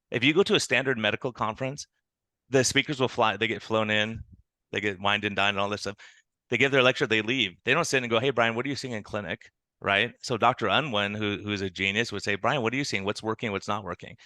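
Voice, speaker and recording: Bright-voiced doctor telling stories. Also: male voice, lowish voice, no room sound. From United States. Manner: animated storytelling with quoted dialogue. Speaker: internal medicine doctor, podcast guest. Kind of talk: conversational interview.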